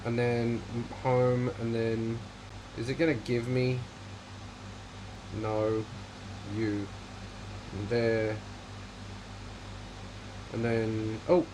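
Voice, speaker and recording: A man's voice: mid-range voice, flat delivery, very slow, pauses often, noisy background. A man hosting a casual livestream chat, rambling in a dry, offhand way while reading viewer comments. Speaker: livestream host.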